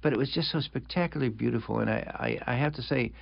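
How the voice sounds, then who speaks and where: A man's voice: mid-range voice, quick pace, vocal fry, dry recording. An older American man, an author in a conversational interview, talking reflectively with frequent restarts and chuckles. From United States. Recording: dull lo-fi sound.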